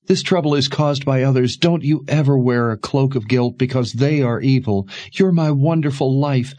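A man voicing a weary, protective mother who speaks softly and tenderly in a storybook reading. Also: sits low, very animated, moderate pace, no room sound. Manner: soft, tender.

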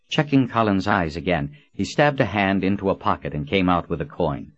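A man narrating an audiobook in a measured storytelling manner. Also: low voice, no echo, lo-fi sound. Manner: measured storytelling with expressive character voices.

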